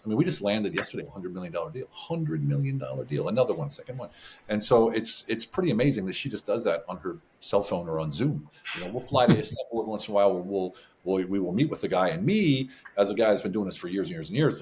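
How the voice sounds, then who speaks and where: An American man speaking as a guest in a casual interview, telling animated stories about business and often chuckling. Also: lowish voice, fast talker, slight background noise. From United States. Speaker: podcast guest, business advisor.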